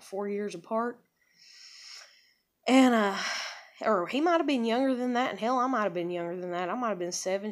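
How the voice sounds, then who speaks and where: A woman telling personal stories in a casual vlog. She rambles frankly and swears freely, with many fillers and restarts. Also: medium pitch. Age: adult with a child. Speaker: vlogger.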